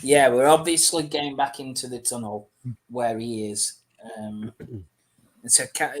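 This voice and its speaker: A man's voice: mid-range voice, steady tone, a little slow. A man in a tabletop game, voicing a captain who gives short orders. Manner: issues terse commands. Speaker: player as captain. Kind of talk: tabletop role-play.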